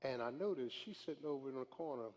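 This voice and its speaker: A male pastor preaching a sermon in a church, moving from soft, quick storytelling to drawn-out shouted lines. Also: mid-range voice, long reverb tail, slight background noise. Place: church sanctuary.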